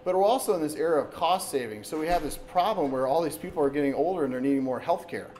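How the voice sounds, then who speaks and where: A man in his thirties from Wisconsin, an orthopedic surgeon giving a relaxed public talk to an audience, speaking conversationally with lots of restarts. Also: a little high, quick pace, a little hiss or hum, rough recording. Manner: conversational, with frequent restarts and "so basically". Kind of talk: informal public lecture. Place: meeting room with an audience. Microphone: camera recording in the room.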